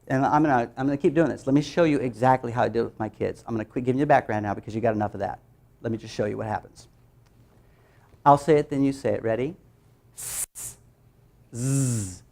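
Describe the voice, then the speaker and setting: A man training teachers in a workshop, talking lively and sounding out letter sounds for them. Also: mid-range voice, quick pace, vocal fry, long pauses. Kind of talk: workshop presentation.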